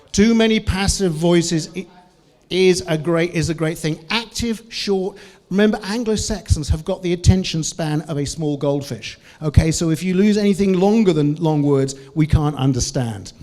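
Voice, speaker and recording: A man with a New Zealand accent giving a lively, joking conference talk on English and asking the audience questions. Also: high-pitched. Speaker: language trainer. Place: conference hall.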